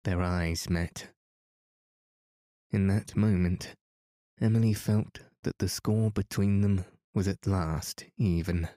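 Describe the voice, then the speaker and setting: A man reading a novel aloud calmly for a sleep podcast. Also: low voice, takes it slowly, no room sound, clean studio sound. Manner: calm, soothing reading. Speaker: podcast narrator. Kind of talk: bedtime audiobook narration.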